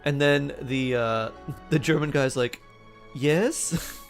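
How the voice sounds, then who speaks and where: Speaking a little slowly, a man with a medium-pitched, fairly even voice and some vocal fry chats casually during a game stream. Laid-back, he reads chat aloud and hums and scats to himself between remarks. Faint music can be heard behind him.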